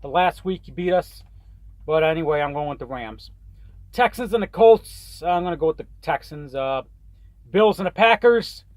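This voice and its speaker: A man's voice: a little high, expressive, normal speed, no echo. A man casually ranting and rambling through his weekly football picks, swearing often and tripping over his words. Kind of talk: casual rant. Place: in a truck on the road.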